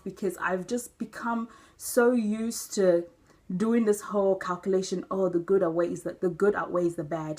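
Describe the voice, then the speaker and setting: A young woman talks straight to camera in an earnest, animated way, telling stories from her own life. She was raised in Nigeria and speaks at a middle pitch with steady delivery. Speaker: vlogger. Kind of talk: personal vlog monologue.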